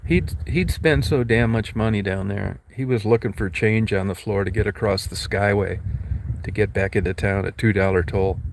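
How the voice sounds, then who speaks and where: With a voice on the low side and a moderate pace, a man bluntly and casually rambles through stories, acting out quotes and swearing now and then. There's slight background noise.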